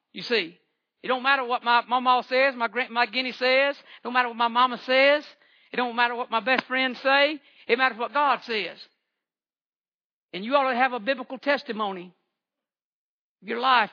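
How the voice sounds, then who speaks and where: A man's voice: very high-pitched, normal speed, sharp tone, muffled recording. A man, giving a fervent church testimony with repeated phrases and stammering restarts. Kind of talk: impassioned testimony sermon.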